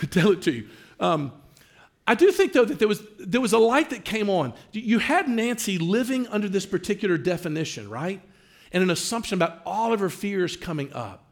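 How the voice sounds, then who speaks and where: Brief: lively male pastor, high voice, storytelling sermon, filler-heavy. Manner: animated, lots of "uh" fillers.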